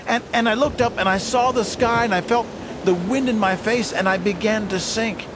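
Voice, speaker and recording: A man telling a dramatic first-person story as a fisherman disciple, halting and stammering with wonder. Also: sits high, fairly bright tone, a little hiss or hum. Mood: earnest, wondering. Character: fisherman disciple recalling his teacher, earnest.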